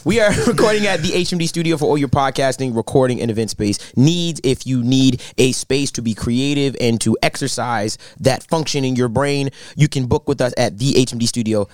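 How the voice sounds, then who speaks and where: A man's voice: medium pitch, a little fast, hardly any pauses, no room sound. A man co-hosting a podcast, laid-back and laughing easily in casual chat. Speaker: podcast co-host. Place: podcast studio.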